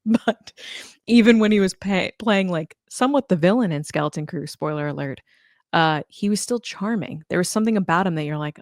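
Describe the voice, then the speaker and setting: American woman podcast co-host, low-pitched, dry close sound, chatty and animated. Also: brisk, no echo. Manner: chatty, animated, laughs often. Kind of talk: casual chat.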